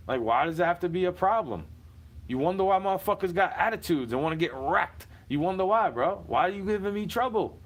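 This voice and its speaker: A man's voice: on the high side, lively intonation, a little fast. A man in a recorded monologue, ranting with profanity and firing off rhetorical questions.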